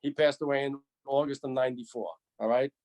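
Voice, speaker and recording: A man in his sixties, a retired firefighter, telling a story in an animated, repetitive way. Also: medium pitch, fairly quick. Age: 60s. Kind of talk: storytelling interview.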